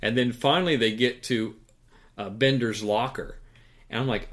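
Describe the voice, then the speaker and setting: A man's voice: mid-range voice, animated, moderate pace. A man co-hosting a podcast in casual chat, rambling with many fillers and chuckles. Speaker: podcast co-host.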